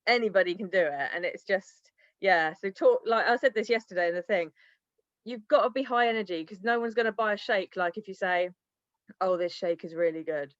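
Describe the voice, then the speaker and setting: A woman's voice: medium pitch, brisk, no room sound. Woman, bubbly, rambling, laughs a lot, dry sound. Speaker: guest sharing sales tips. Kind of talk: casual team-call talk. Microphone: video call. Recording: dry, dull lo-fi call audio.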